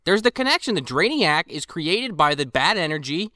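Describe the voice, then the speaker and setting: A man's voice: on the high side, moderate pace, no room sound, studio quality. A man co-hosting a podcast, recapping a movie in casual, profane banter. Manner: profane, animated storytelling. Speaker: podcast co-host.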